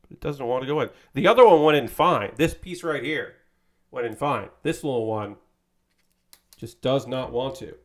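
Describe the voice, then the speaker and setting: A man's voice: medium pitch, normal speed. A man streaming, casually chatting while he builds a model kit, rambling with lots of fillers and a bit of swearing.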